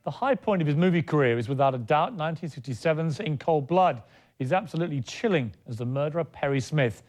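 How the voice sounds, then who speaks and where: A male TV host reads his scripted links at a very quick clip. His voice sits a little high, and his delivery is brisk and practised. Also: expressive, darkish tone.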